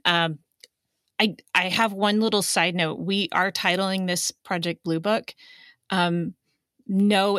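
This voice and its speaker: A woman's voice: lowish voice, pushed and bright, dry recording, clean studio sound. A woman co-hosting a podcast in casual, playful chat, often laughing. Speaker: podcast co-host.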